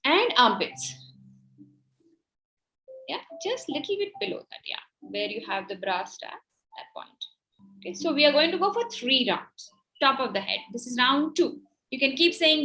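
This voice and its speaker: A woman with an Indian English accent leads an online workshop, guiding a tapping and breathing exercise in an encouraging, instructive way and laughing easily. Her high voice is very animated and sharp, at a moderate pace with frequent pauses, on a low-quality recording.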